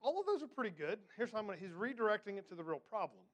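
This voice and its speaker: Guy with a fairly high voice leading bible study, keeps asking the group questions, reads verses slow. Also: sing-song. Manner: asks the class questions, emphatic and conversational; reads scripture slowly and deliberately.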